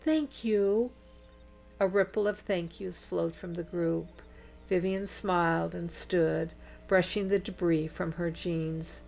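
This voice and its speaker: Brief: woman audiobook narrator, low voice, very unhurried, soft music behind. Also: level tone, gravelly. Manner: slow, measured storytelling.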